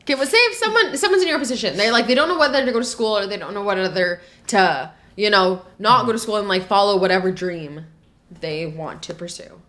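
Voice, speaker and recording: A woman's voice: mid-range voice, expressive, fast, a bit bright. A woman co-hosting a podcast in casual chat, playful and teasing, laughing often. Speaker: podcast co-host.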